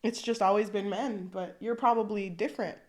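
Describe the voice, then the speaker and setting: A woman's voice: mid-range voice, steady tone, brisk. A young woman co-hosting a podcast, chatting casually and animatedly, swearing freely and acting out characters' lines. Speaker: podcast co-host. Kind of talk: casual chat.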